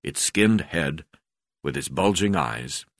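Man, memoir reading, very low voice, dry close sound, steady with fillers. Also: takes it slowly, no room sound. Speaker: memoir narrator.

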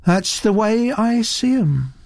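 A man's voice: high voice, sing-song, slow, darkish tone, dry recording, studio quality, voice pushed up, full character voice. A man voicing a young woman artist who drawls her words lazily and indifferently. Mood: languid. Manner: drawling and lazy.

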